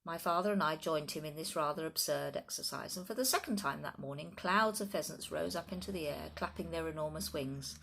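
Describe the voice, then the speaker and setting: A woman narrating a children's book in an expressive, lively way. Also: sits low, brisk, gravelly, few pauses, a little hiss or hum. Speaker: audiobook narrator. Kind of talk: storybook narration.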